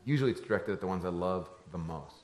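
Animated storytelling pastor in an echoey room. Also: male voice, fast talker. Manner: storytelling, swings from low hushed lines to loud animated ones. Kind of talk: sermon.

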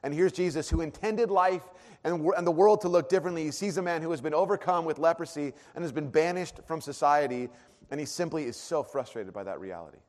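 A man preaching a sermon, earnest, dropping to a hush and then rising to emphatic peaks. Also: a little high, fairly quick. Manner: earnest, swings from hushed to emphatic. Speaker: pastor. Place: church auditorium. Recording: long hall reverb.

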